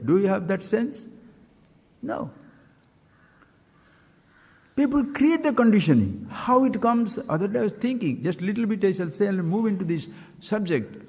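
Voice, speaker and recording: Man teaching with lively high voice. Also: measured pace, pauses often, slightly rough, in a large hall. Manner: questioning, repeats key phrases for emphasis. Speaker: spiritual teacher. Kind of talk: live-streamed spiritual talk.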